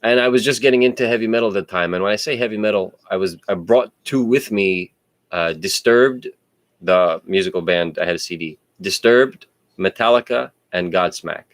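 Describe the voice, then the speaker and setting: Male storyteller, very low voice, animated and profane, dry recording. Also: normal speed, no room sound. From United States. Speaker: podcast host. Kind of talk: casual personal storytelling.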